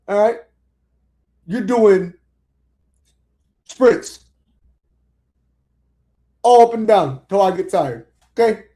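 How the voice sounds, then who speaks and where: A man's voice: high voice, animated, drawn-out words, long pauses, dark tone. A man co-hosting a casual sports chat, barking orders at players in a mock drill-sergeant manner. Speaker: podcast co-host.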